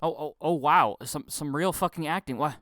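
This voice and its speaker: With music underneath, a young man with a fairly high voice speaks at normal speed, ranting casually and profanely about film acting. A film commentary vlogger, he stammers, repeats himself and acts out mocking impressions.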